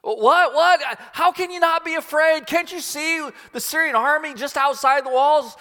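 A man's voice: very high-pitched, moderate pace, pushed and bright, voice pushed up. A man playing a panicked young servant. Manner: frantic, cries out in alarm. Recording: long hall reverb.

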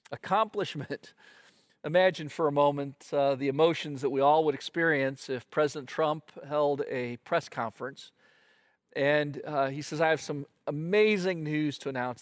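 A man's voice: fairly high pitch, no room sound, clean studio sound. A man preaching a sermon as pastor, earnest, with frequent fillers and repeated words.

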